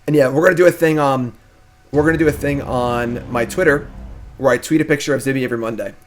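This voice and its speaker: A young man chatting on his live stream in a relaxed, playful way. His pitch sits right in the middle for a man. He talks to his pet and the viewers at an easy, unscripted pace. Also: fast talker, a little hiss or hum. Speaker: streamer and host. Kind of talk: casual live-stream chat.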